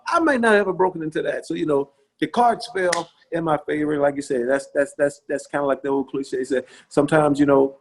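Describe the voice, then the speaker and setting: A middle-aged man, a former pro linebacker, telling stories in a relaxed podcast interview, folksy and repetitive with lots of "you know". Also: a little high, a little fast, few pauses, slight background noise. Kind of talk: casual storytelling interview.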